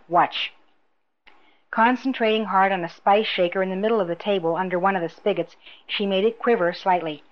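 A woman reading a story aloud as audiobook narrator, in a steady, even way. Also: medium pitch. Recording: dull lo-fi recording.

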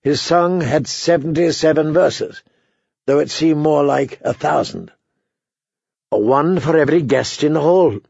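A man with a gravelly, husky voice, pitched a little high, reads a fantasy novel in measured narration. The recording is dry and slightly dull. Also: darkish tone, no room sound. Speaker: audiobook narrator. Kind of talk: scripted narration.

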